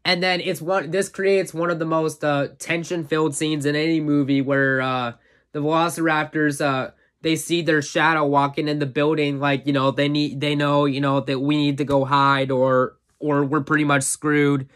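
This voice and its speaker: A man's voice: on the high side, flat delivery, moderate pace, fairly bright tone. A man casually recapping a favorite movie as a reviewer, rambling and full of fillers, an eager fan. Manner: rambling plot recap, full of "uh" and "you know"; enthusiastic fan, chuckles often.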